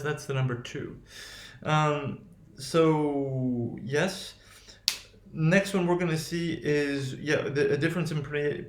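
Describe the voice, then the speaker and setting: A man teaching English pronunciation in a loose lecture, thinking aloud with many fillers and repeated "right?" checks. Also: fairly high pitch. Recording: echoey room.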